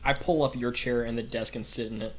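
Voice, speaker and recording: A man's voice: mid-range voice, steady tone, a little fast. A man playing in a casual role-play, playful and jokey, recorded with a noisy background. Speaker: player.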